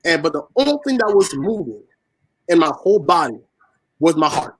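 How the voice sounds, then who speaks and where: Guy with a kinda high voice telling his story on a talk show, earnest, repeats himself for emphasis. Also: big pitch swings, normal speed, slight background noise, poor audio. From born in Haiti, raised in Washington State. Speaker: guest, spoken word poet. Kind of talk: emotional personal storytelling.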